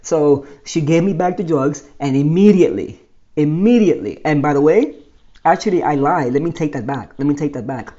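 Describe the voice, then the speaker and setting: A man's voice: fairly high pitch, fairly quick, dark tone, dull audio. A man telling his own life story in a rambling monologue, often restarting and correcting himself.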